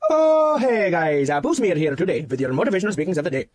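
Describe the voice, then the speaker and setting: A man's voice: very high-pitched, animated, slow pace, darkish tone, full character voice. A man voicing an overly earnest, rambling male self-help guru who talks in broken grammar and swoops dramatically. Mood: earnest preaching. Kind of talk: comedy sketch character monologue.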